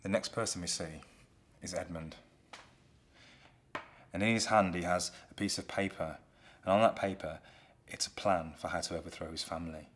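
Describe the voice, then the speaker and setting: A man retelling a play in a relaxed, conversational way. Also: low-pitched. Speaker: storyteller.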